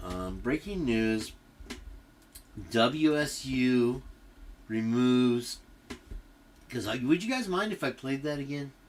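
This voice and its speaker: A man's voice: on the low side, a little hiss or hum. A middle-aged man hosting a livestream, telling a long, rambling story full of swearing and tangents. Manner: profane, tangent-prone, animated retelling. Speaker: livestream host.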